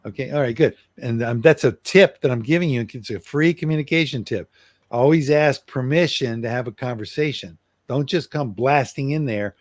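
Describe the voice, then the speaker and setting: A middle-aged man coaching on communication, acting out an apology in an earnest way and slowing down for emphasis. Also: medium pitch, no echo. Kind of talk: role-played apology demonstration.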